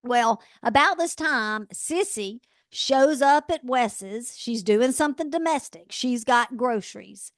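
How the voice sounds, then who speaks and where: A woman co-hosting a podcast in casual chat, an animated storyteller who laughs often. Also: a little high, slow pace, few pauses, dry recording, clean studio sound. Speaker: podcast co-host.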